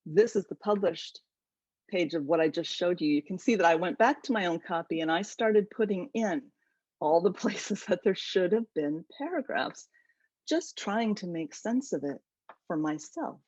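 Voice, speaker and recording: Lower-voiced woman lecturing in a webinar. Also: moderate pace, husky, no echo. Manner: animated, enthusiastic storytelling. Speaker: author presenting her book. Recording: dull lo-fi webinar audio.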